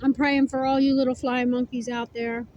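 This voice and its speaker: A high-voiced woman gives a casual tarot reading to camera. She is blunt and profane, stressing her words, and she chews as she talks. A faint hum of background noise runs under her voice. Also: flat delivery, normal speed, a little mellow, muffled recording. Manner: blunt, profane, emphatic, chewing while talking. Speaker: tarot reader.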